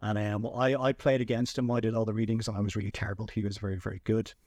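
A man hosting a podcast and telling a story in a chatty, animated way with lots of restarts. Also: lowish voice, fast, dry recording, studio quality. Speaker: podcast host. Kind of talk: casual storytelling chat.

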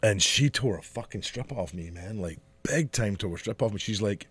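Podcast co-host, male, low voice, swears freely, acts out the people in his stories, dead-dry sound. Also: normal speed, few pauses, slightly rough, no echo. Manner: profane, animated storytelling. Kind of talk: casual chat.

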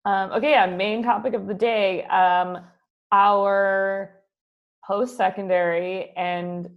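A young woman co-hosting a podcast, chatting in a relaxed, teasing way and steering the talk. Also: mid-range voice, takes it slowly, muffled recording. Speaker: podcast co-host. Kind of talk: casual chat.

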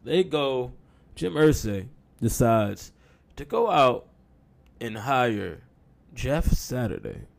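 A man's voice: mid-range voice, sing-song, takes it slowly, gravelly. A man hosting a sports talk show, speaking casually with sarcastic, mock-apologetic humor and frequent y'all.

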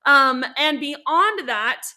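A woman's voice: high-pitched, animated, very slow, pushed and bright. A young woman hosting a casual skincare podcast, chatty and upbeat, with many fillers and self-corrections. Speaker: podcast host and esthetician. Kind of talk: casual educational podcast talk.

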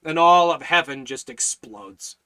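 A man teaching a Bible study in a fervent preaching style, repeating phrases in a steady cadence. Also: on the high side, measured pace, smooth.

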